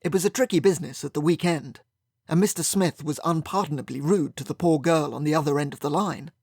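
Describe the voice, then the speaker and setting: Male audiobook narrator, wry and sardonic, slightly high voice, dry close mic. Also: a little fast, a little mellow, breathy edge, no echo. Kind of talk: first-person audiobook narration.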